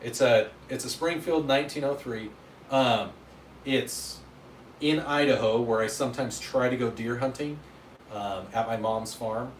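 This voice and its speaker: A man's voice: medium pitch, unhurried, slight background noise. A man hosting a casual livestream, chatting loosely and answering viewer comments with self-deprecating humor. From Utah, USA. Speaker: livestream host. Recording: echoey room, mic at a distance.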